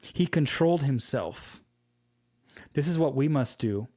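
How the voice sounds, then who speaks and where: Man, preacher, devotional teaching, slow earnest delivery, medium pitch. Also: animated, warm tone. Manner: slow, earnest storytelling with scripture quotes. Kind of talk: devotional teaching with personal story.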